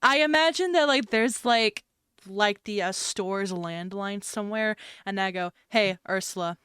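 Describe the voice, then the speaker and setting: Brief: woman playing a character, animated and laughing, unhurried, dry close sound. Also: mid-range voice, clean tone, no room sound. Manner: animated, with frequent laughs and swearing. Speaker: player. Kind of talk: playing a character in a tabletop game.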